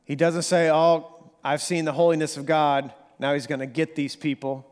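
A fairly high-voiced man delivers a sermon as a pastor, sliding from hushed, slow reflection to lively, emphatic bursts. His voice rings out with a long reverb tail, as in a church sanctuary. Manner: dynamic preaching, drops to near whisper then rises to animated emphasis.

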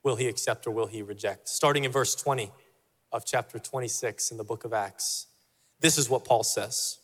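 A man's voice: medium pitch, normal speed, a bit bright, long reverb tail. A male pastor preaching a sermon in a church, emphatic and repeating his key phrases for weight. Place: church sanctuary.

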